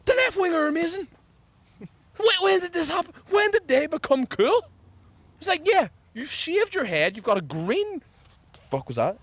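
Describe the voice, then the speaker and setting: A man co-hosting a casual chat outdoors, ranting jokily with sudden jumps in pitch. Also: moderate pace, long pauses, dry recording. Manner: animated, jokey rant with sudden pitch jumps. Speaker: podcast co-host. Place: outdoors, people walking past.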